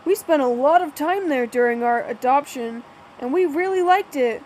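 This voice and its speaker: A woman's voice: high voice, animated, moderate pace, a little mellow, slight background noise, rough recording. A woman reading a first-person novel aloud, often stumbling and restarting words. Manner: plain reading with frequent slips and restarts. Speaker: audiobook narrator.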